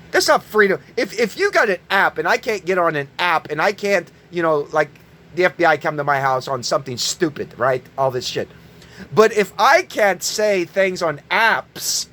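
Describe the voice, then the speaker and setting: Man, angry profane rant, yelling, high voice. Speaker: online preacher.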